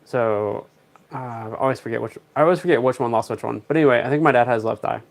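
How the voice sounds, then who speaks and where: A young man chats casually on a livestream. He rambles through stories with dry, jokey asides. His voice sits at an ordinary middle pitch. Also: fast talker, creaky. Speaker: live streamer.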